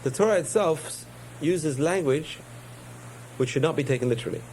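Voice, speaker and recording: A man's voice: a little high, a little fast, a little mellow, a little hiss or hum, poor audio. A man giving a spoken Torah lesson, telling parables with digressions and self-corrections. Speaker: rabbi teaching a class.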